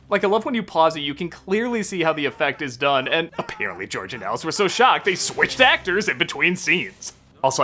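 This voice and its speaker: A male critic narrating a comedic movie review with sarcastic, animated asides. His pitch swings wildly, and his tone is bright and sharp. Faint music plays underneath. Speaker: film critic.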